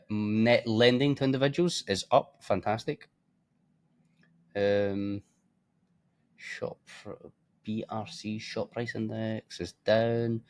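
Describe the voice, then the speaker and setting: Blunt, tired man on markets. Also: lowish voice. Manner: blunt, swears freely, offhand asides. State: tired and yawning. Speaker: forex trading presenter. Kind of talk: casual market commentary.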